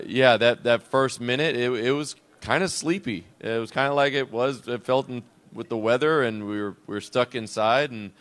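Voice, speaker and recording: A man's voice: mid-range voice, fairly bright tone, smooth. A man, a head basketball coach, talking in a reflective, loose and unscripted way on a coach's show. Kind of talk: conversational coach's show interview.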